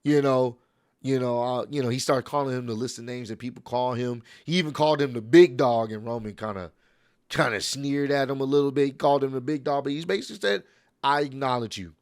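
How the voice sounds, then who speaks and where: A man's voice: medium pitch, a little fast, darkish tone, dry recording, clean studio sound. A young man hosting a casual wrestling recap, retelling events and acting out the wrestlers' lines with swearing and energy.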